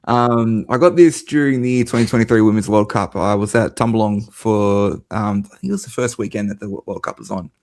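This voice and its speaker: Easygoing lower-voiced Australian man. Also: a little fast, hardly any pauses, a little mellow. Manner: easygoing, teasing, self-deprecating. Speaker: panel guest, football commentator. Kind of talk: casual football chat.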